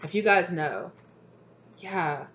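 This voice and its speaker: A woman's voice: on the low side, slow, a bit bright, highs cut off. A woman reading tarot cards in a casual, chatty way, often checking in with "right?" and "exactly". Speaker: tarot reader.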